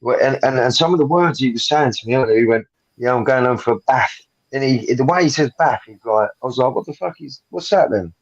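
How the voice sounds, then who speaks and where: Brief: Kent-accented man, mid-pitched, excitable rambler, muffled voice-chat sound. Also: fast. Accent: Southern English, Kent. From Kent, England. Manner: excitable, rambling, stumbles over words. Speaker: gamer chatting with friends. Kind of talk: casual chat.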